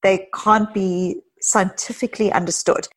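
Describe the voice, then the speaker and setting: A woman psychologist, a guest in an interview, talking earnestly and telling personal stories with quick asides. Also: mid-range voice, steady tone. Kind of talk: casual interview conversation.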